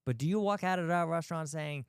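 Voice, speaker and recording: Blunt, emphatic man with a smooth voice. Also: on the high side, quick pace, dry recording, studio quality. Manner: blunt, emphatic, rhetorical questions, mild swearing. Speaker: podcast host, physical therapist. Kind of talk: animated talk to practice owners.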